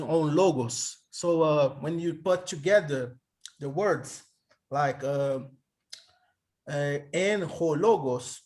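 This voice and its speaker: Slow, halting man tutoring Greek. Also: a little high, darkish tone. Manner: hesitant, halting, many restarts. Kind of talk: online tutoring session. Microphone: video call.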